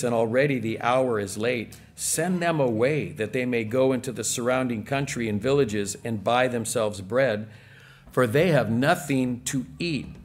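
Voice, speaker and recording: A man preaching a sermon in a church, conversational and full of rhetorical questions to the congregation. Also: mid-range voice. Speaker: pastor.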